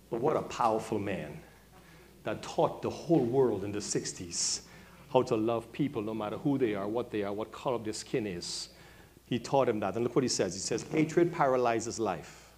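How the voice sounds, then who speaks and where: Preaching pastor, man, quiet to loud. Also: slight background noise. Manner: preaching, calling out congregation members by name; swings from quiet to loud and high. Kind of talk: sermon. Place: church sanctuary.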